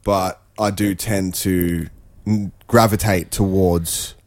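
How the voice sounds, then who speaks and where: Man chiming in, low voice. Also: steady tone, slow pace, a little mellow, no echo. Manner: short agreeing interjections, joking. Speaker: radio co-host. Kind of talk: casual chat on air.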